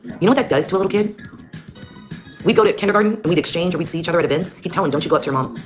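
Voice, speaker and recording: This mother recounts her personal story at a racing clip, her voice on the low side. She's blunt and heated, swears a lot, and clear background music accompanies her.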